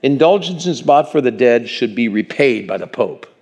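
A male pastor preaching a sermon in a church, animated and chuckling, calling for amens from the congregation. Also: mid-range voice, normal speed. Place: church sanctuary. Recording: long reverb in a church hall.

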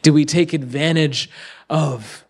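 Young male preacher, slightly high voice, casual and earnest, sermon delivery that sinks into soft hushed stretches. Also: steady tone, slow, slightly rough. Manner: earnest, conversational preaching that drops to near-whispers.

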